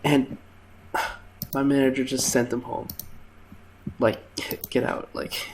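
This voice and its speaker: A man's voice: medium pitch, level tone, takes it slowly, slight background noise. A young man hosting a gameplay video, casually telling funny stories from his waiter days, with lots of fillers and laughs. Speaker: gaming channel host telling work stories. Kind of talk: casual storytelling over gameplay.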